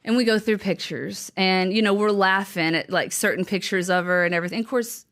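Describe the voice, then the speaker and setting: A woman guest on a podcast interview, telling a personal story in an earnest, halting, emotional way with frequent restarts. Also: mid-range voice, fairly even intonation, fairly bright tone. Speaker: guest author.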